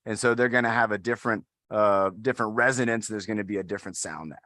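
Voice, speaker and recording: A man's voice: on the low side, fast, bright, forceful tone, no echo, studio quality. A man instructing an adaptive fitness class, talking in an upbeat, encouraging way and counting down the holds. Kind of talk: guided workout instruction.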